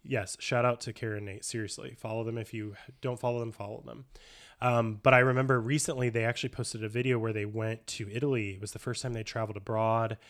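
A man's voice: medium pitch, fast talker. Enthusiastic man co-hosting a podcast. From United States. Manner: enthusiastic, animated storytelling. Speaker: podcast co-host. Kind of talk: casual chat.

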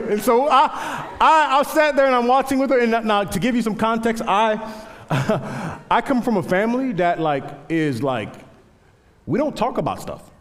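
A man's voice: on the high side, expressive, a little fast, big-room sound, a little hiss or hum. A man in his thirties preaching a sermon, telling stories with self-deprecating humor. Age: 30s. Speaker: pastor.

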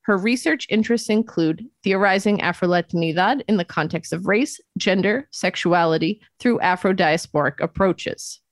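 A woman's voice: mid-range voice, moderate pace, hardly any pauses, no room sound. Woman co-hosting a podcast, dry close sound. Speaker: podcast co-host, professor. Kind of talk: scripted podcast reading.

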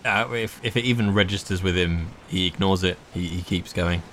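Hesitant low-voiced male player. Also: moderate pace, fairly bright tone, a little hiss or hum. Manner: hesitant, with restarts and stammers. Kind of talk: playing a tabletop role-playing game.

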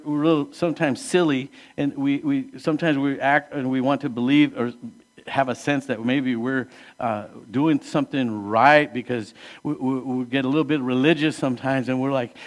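A male pastor preaching in a relaxed, conversational way, speaking to the congregation as if to friends. His voice sits at an ordinary pitch and swings from emphatic, louder rises down to hushed, soft drops, with rhetorical questions thrown out to the room. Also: moderate pace. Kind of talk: sermon.

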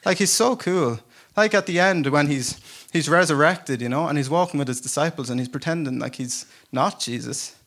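A man's voice: on the high side, moderate pace, hardly any pauses, a bit bright. Chatty, laughing male preacher. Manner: casual storytelling, self-deprecating humor, laughs often. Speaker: pastor. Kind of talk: conversational sermon. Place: church service before a congregation.

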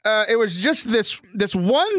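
A man's voice: high voice, expressive, measured pace, a bit bright, no echo. A man co-hosting a podcast in casual chat, self-deprecating and laughing often, talking over a remote call while he has bronchitis. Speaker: podcast co-host. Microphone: remote call mic.

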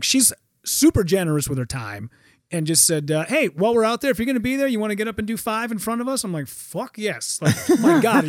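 Male storyteller, high and very lively pitch, casual and profane, dry close recording. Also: no room sound. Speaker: guest.

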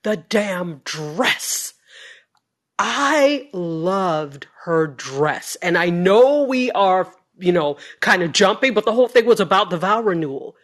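A woman's voice: fairly low pitch, expressive. A woman co-hosting a casual chat, telling stories with emphasis and acting out quotes. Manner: emphatic, drawn-out storytelling with mock quotes. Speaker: podcast co-host. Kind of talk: casual reality-TV recap chat.

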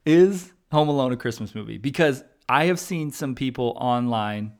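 A young adult man hosting a podcast in casual chat, laughing a lot, swearing freely, and getting loud when he is worked up. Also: mid-range voice, animated, normal speed. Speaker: podcast host.

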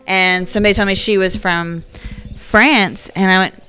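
A woman's voice: medium pitch, steady tone, moderate pace, pushed and bright, clean tone, soft background music. A woman from Texas with a Texan accent, chatting casually and telling stories while watching a show. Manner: chatty, storytelling, laughs often. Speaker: co-host reacting to a show. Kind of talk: casual chat.

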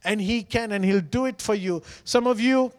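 High-voiced pastor preaching in a reverberant hall. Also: male voice, moderate pace. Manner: earnest, pleading, repeats phrases for emphasis. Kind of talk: sermon.

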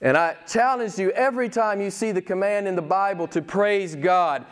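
A male pastor preaching a sermon, emphatic, with rhetorical questions and dramatic pauses. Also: high voice, smooth.

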